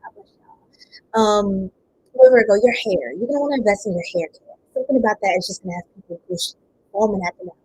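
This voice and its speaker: A woman reading tarot cards on a casual livestream, chatting with viewers, laughing often and breaking into bits of song, with a voice strained from not warming up. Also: medium pitch, lively intonation, brisk, breathy edge, rough recording. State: voice a bit strained, not warmed up. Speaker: tarot reader.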